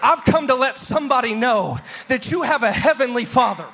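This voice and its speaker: High-pitched shouting male preacher. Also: lively intonation, fairly quick, creaky, noisy background. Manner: shouting, half-singing cadence. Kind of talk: pentecostal-style sermon.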